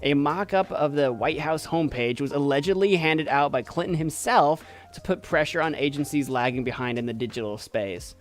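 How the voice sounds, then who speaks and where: A man streaming, reading text aloud off the screen and breaking off for wry, amused asides. His voice is fairly high for a man. Faint music plays underneath. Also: normal speed, hardly any pauses.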